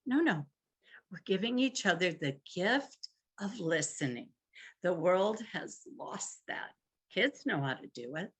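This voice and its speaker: A woman's voice: on the low side, animated, unhurried, slightly rough. A woman leading a live marriage workshop, coaching couples step by step and acting out example phrases.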